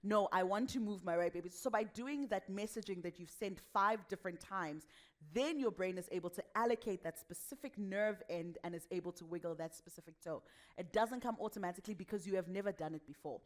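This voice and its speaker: A young adult woman with a West African accent giving a lively workshop talk on voice and speaking, animated and laughing often. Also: medium pitch, fairly quick. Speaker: voice and speaking coach.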